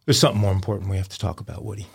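Un homme qui co-anime un podcast en bavardage décontracté, hésitant et blagueur. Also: male voice, lowish voice, steady tone, racing, creaky, slightly rough. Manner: rambling, hesitant, joking. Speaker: co-host. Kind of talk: casual podcast banter.

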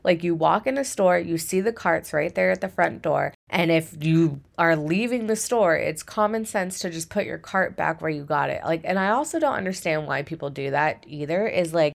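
A young woman in her twenties chats casually, filling her sentences with "like" and dropping swear words without a second thought. Her voice sits on the lower side for a woman. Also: moderate pace, vocal fry, few pauses. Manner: chatty, frequent "like", swears casually. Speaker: podcast host. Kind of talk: casual storytelling vlog.

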